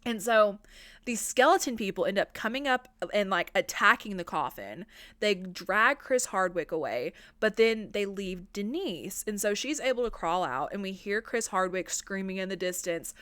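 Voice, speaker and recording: A woman recapping a film on her podcast in a loose, chatty way, swearing freely and leaning on filler words. Her voice is smooth and clear, and the sound is dry and close with no room around it. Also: mid-range voice, lively intonation, moderate pace, a bit bright, no room sound. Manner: chatty, profane, lots of "like" fillers. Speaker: podcast host.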